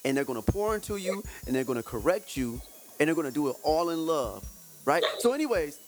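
Animated man rambling on a faith podcast. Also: on the high side, a little fast, over music. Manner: animated, rambling, many restarts, laughs often. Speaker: podcast host. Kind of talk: casual faith podcast chat.

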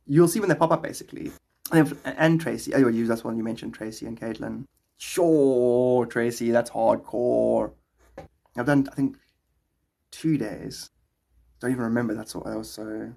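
Young South African male streamer, rambling and chatty, rough grainy voice. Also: mid-range voice, a little mellow. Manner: chatty, rambling, laughs often. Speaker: live streamer. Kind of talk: casual chat with live chat viewers.

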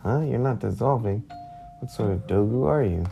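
A woman's voice: extremely low pitch, expressive, normal speed, creaky, music in the background, exaggerated voice. A woman voicing a hot-tempered male salamander king villain while reading a picture book aloud, with bossy, boastful threats. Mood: puzzled.

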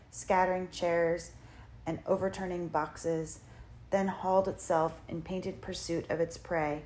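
A woman narrating a dark fantasy audiobook in a measured, dramatic storytelling manner. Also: deep voice, a little hiss or hum. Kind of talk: scripted narration.

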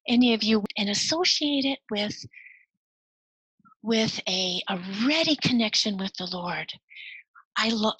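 Soft-spoken, husky middle-aged woman. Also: fairly high pitch, no room sound, lo-fi sound. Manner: soft-spoken, sometimes drops to a whisper. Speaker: speaker to cross-cultural workers. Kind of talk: reflective devotional talk.

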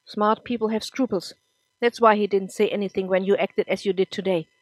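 A woman reading the lines of a firm, caring mother who speaks calmly and reassuringly, in a dry close recording. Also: medium pitch, fairly quick, no echo, lightly acted.

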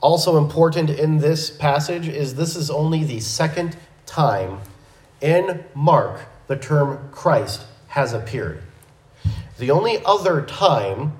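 A man teaching a verse-by-verse Bible lesson in a measured, methodical way, with small restarts. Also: medium pitch, echoey room, low-quality recording.

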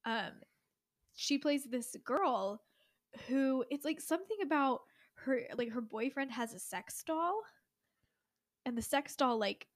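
Podcast co-host, woman in her 20s, chatty and giggly, slightly high voice. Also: animated, slow pace, no room sound, clean studio sound. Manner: chatty, giggly, many "like" fillers. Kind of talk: casual chat.

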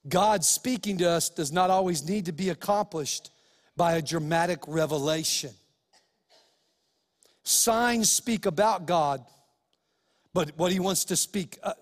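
A man's voice: on the high side, big-room sound. A pastor preaching a sermon, emphatic and speaking straight to his listeners with rhetorical questions.

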